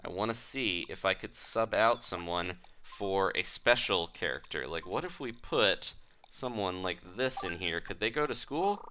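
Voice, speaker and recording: Easygoing guy commenting on his game, lively bright voice, some music under. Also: sits low, a little slow, slight background noise. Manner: playful, reads game dialogue aloud. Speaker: gaming video host. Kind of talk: casual gameplay commentary.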